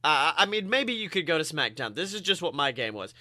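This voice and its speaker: Bright-voiced, excitable young man. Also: on the high side, fairly quick, hardly any pauses, dry recording. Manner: excitable storytelling, acts out quotes. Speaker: podcast co-host. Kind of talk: casual chat.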